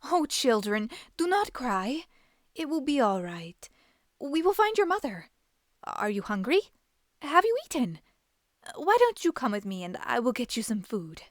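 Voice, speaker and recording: A woman voicing a kind young mother-to-be who speaks in a soft, soothing, formal way. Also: a little high, big pitch swings, a little slow, dry recording, clean studio sound. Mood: gentle.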